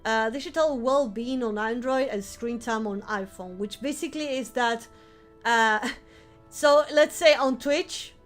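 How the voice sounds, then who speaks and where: High-voiced animated streamer woman. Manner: animated, swears, bursts into shouting. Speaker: vtuber streamer. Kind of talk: casual stream chat.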